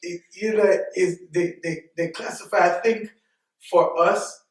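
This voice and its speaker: A man's voice: sits high, fairly even intonation, unhurried, background noise. A man in a casual group discussion who makes his points by retelling jokes and cultural examples. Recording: echoey room, mic at a distance.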